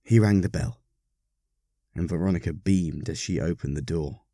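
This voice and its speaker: Man narrating a story, expressive, wry, mellow dark tone, dry close recording. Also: low-pitched, normal speed, dry recording.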